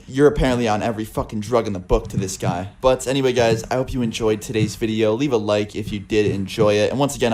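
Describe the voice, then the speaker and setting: A man's voice: medium pitch, darkish tone, slight background noise. A young man telling personal stories to his viewers in a casual, profane way, with a lot of filler words. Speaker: storytelling vlogger. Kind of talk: casual storytelling monologue.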